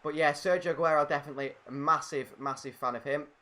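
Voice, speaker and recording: A man's voice: on the high side, fairly even intonation, fast talker, sharp tone. A man co-hosting a casual fan Q&A, chatty as he reads out viewer questions while playing a game. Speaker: channel co-host. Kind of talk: casual Q&A chat while gaming.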